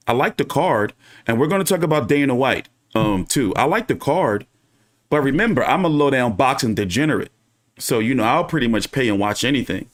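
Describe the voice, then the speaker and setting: A man hosting his own boxing channel, talking casually and ranting with lots of swearing. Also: medium pitch. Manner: profane, animated, ranting. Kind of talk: casual livestream commentary.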